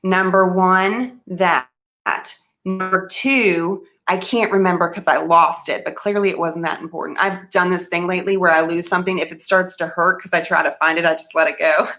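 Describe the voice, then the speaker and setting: A woman's voice: on the low side, fairly even intonation, moderate pace, sharp tone, soft background music. A young woman talking to camera, earnest and emphatic, sometimes losing her train of thought. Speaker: vlogger giving money advice. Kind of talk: casual talk to camera.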